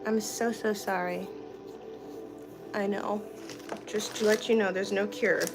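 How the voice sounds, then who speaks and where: A woman's voice: mid-range voice, fairly even intonation, measured pace, low-quality recording. A young woman chatting casually on a livestream from her kitchen, reading viewer comments and laughing easily. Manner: chatty, giggly, reads and answers viewer comments. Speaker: livestream host. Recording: clear music in the background. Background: music playing.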